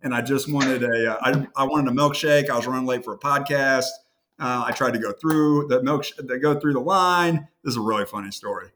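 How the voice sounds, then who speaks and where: A male podcast host from the American Midwest spins a casual anecdote, restarting his sentences and rambling with animated asides. His voice sits in a plain middle pitch. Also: brisk. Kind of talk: casual conversational storytelling.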